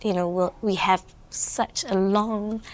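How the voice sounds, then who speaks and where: A woman's voice: mid-range voice, fairly even intonation, slow. Earnest Malaysian woman interviewee. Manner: earnest, mixing English with Malay fillers, frequent "you know". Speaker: entrepreneur and guest. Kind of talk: reflective interview chat.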